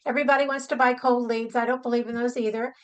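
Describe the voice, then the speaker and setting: Upbeat lady podcast host, high voice, excited about her guest. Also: quick pace, low-quality recording. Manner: upbeat, enthusiastic. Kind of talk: interview introduction and chat.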